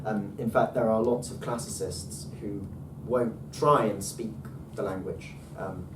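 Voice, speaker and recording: A man's voice: fairly low pitch, a little slow. A man teaching the sounds of an ancient alphabet in a patient, hesitant way, with many ums and restarts. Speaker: Ancient Greek tutor. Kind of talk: relaxed one-to-one teaching. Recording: roomy, far from mic, faint noise.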